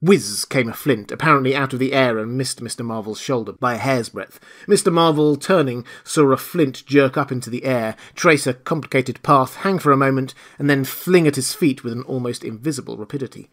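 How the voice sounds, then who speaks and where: A man narrating a classic novel as an audiobook, reading in a measured, hushed way. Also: mid-range voice. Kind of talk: scripted narration.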